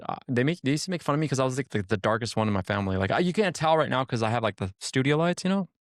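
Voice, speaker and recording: A man telling stories in casual chat on a podcast, animated and acting out quotes, with frequent swearing. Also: medium pitch, rapid-fire, dry recording, clean studio sound. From Hispanic family background. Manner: animated storyteller, acts out quotes, swears freely. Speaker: podcast guest. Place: podcast studio.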